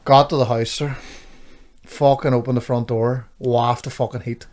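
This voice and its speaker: A man's voice: mid-range voice, little pitch movement, normal speed, darkish tone. Swearing Northern Irish man telling stories. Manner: swears freely, rambling anecdotes with laughs. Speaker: podcast co-host. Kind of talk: casual storytelling chat.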